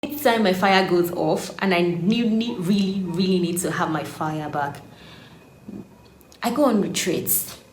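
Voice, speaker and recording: A woman in her late twenties, an animated faith vlogger who laughs often as she shares her story. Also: fairly low pitch, a little slow. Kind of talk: casual devotional vlog. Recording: echoey room, faint background hum.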